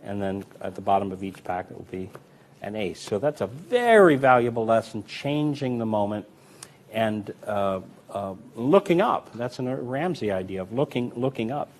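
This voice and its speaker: A man teaching card magic in a relaxed, chatty way, full of fillers and restarts while he demonstrates. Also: fairly low pitch, normal speed. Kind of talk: demonstrating and explaining card technique.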